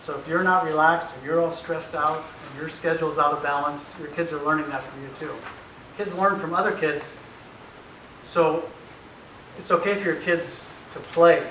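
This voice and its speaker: Bright-voiced man in an echoey room. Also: fairly high pitch, steady tone, normal speed. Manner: anecdotal, acts out family dialogue, chuckles often. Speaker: speaker at a parent presentation. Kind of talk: informal presentation to parents. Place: meeting room with an audience. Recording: roomy echoey room, faint hiss, mic far off.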